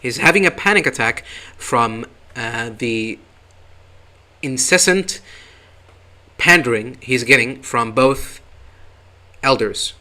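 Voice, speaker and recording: A man's voice: mid-range voice, lively intonation, takes it slowly, pauses often, pushed and bright. A man casually recapping a TV episode, hesitant with many ums and wry asides. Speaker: TV reviewer.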